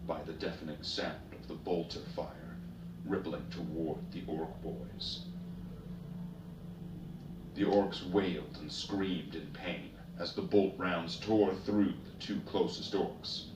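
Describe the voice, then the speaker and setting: Male storyteller with a very deep voice, giving steady, unhurried narration in an echoey room. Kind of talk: story reading. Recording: roomy, distant, noisy ambience.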